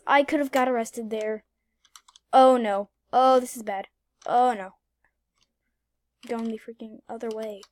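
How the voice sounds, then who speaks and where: A young woman giving casual, excitable commentary over her gameplay, repeating phrases and jumping between hushed whispers and loud outbursts. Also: fairly high pitch, slow, long pauses, dry recording, clean studio sound. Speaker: gaming YouTuber.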